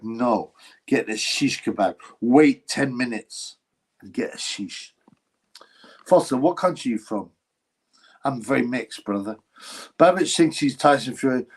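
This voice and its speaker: A man's voice: medium pitch, lively intonation, a little slow, pauses often, husky, rough recording. A man hosting a casual boxing livestream, reading chat and giving blunt, mocking opinions.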